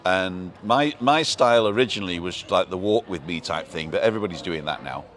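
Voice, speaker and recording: A man's voice: low voice, lively intonation, brisk, fairly bright tone. A middle-aged man, hosting a live show in a rambling, jokey, self-interrupting chat. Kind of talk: casual chat.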